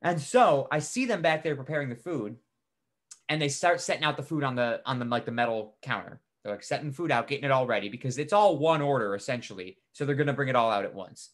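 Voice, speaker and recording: A man's voice: mid-range voice, fast. Man telling a story with lots of swearing. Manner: animated, swears freely, heavy use of "like". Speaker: podcast co-host. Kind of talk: casual storytelling chat.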